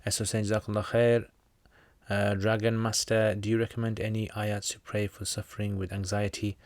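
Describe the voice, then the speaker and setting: Speaking at normal speed in a fairly low, level voice, with no room sound, a British man runs a casual livestream Q&A. He reads every viewer question aloud before giving chatty, informal answers about Islamic practice.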